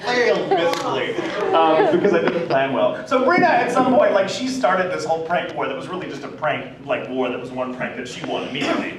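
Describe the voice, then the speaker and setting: A man telling a story at a fan convention panel, laughing often as his high voice jumps all over the place. He is picked up from far off in a big, echoey hall, with a loud crowd behind him. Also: fairly quick, hardly any pauses. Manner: laughing, excitable, acts out quotes. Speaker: voice actor guest on a convention panel.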